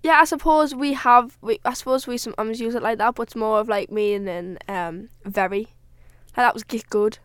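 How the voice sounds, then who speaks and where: A woman's voice: a little high, normal speed, a bit bright, smooth, no room sound. A woman with a Northern English accent co-hosting a podcast in chatty, teasing conversation. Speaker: podcast co-host. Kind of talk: casual chat.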